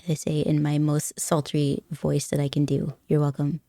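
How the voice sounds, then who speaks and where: A woman's voice: low-pitched, completely flat delivery, moderate pace, gravelly, dark tone, no echo, studio quality. A woman live streamer chatting casually with her viewers, rambling and giggly, laughing often and teasing her chat playfully.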